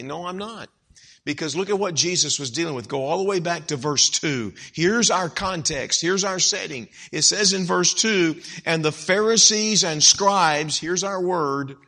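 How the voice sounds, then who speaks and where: A middle-aged man preaches with a dramatic, theatrical delivery, acting out the people he quotes. His pitch swings widely, and his tone is bright and ringing, sitting a little higher than most men's voices. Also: expressive, moderate pace. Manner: dramatic, acts out quoted voices, rising to loud emphatic peaks. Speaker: pastor. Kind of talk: sermon.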